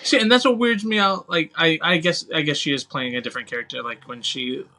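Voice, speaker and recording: A man chatting on a podcast who mostly backs up his co-host with short agreements and quick asides. His voice is bright with a sharp edge to it. It also sits a touch higher than most men's. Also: poor audio. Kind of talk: casual chat.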